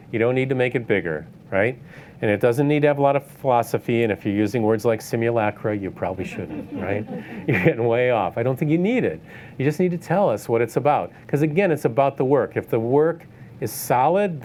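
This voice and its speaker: A man's voice: mid-range voice, darkish tone, a little hiss or hum. Chatty man lecturing, "right?". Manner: conversational, tag questions like "right?", laughs often. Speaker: art dealer giving a talk. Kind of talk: lecture to photographers. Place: event space.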